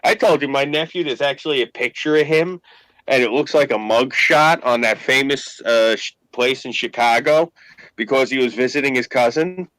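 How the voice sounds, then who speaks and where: A man with a New York accent, telling profane, animated stories in a casual chat. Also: mid-range voice, normal speed, no echo, poor audio. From Queens, New York.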